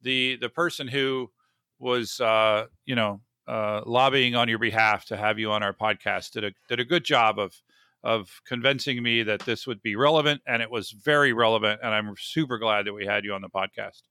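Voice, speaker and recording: Male podcast host, bright and crisp in a dead, dry room, loose and chatty. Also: on the low side, normal speed, no room sound. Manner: chatty, self-deprecating, rambling. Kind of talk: casual podcast interview.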